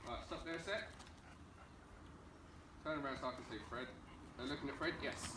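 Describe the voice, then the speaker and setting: A man with an Essex accent, working as a dog trainer, calmly explaining training steps outdoors and giving short commands to a dog. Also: mid-range voice, normal speed. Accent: Essex English. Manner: calm, coaching, gives short commands to the dog. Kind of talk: on-location training instruction. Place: outdoors on a street during a home visit. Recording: distant outdoor camera audio with background noise.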